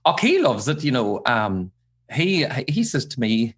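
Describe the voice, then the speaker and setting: A man's voice: medium pitch, very animated, unhurried, fairly bright tone. A man, a comedian and impersonator chatting as a podcast guest, laughing easily and slipping into voices. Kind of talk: casual interview chat.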